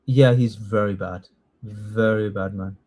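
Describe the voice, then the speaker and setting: A man's voice: on the low side, steady tone, unhurried, mellow. A man teaching a live online citizenship test class, quizzing students and checking in often with "yeah?". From United Kingdom. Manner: encouraging, chatty, frequent "yeah?" check-ins.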